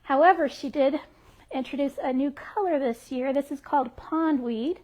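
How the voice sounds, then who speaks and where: A woman's voice: high-pitched, normal speed, darkish tone. A woman who works at a yarn shop, presenting products on a livestream in a bubbly, giggly, friendly way. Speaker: yarn shop staff member.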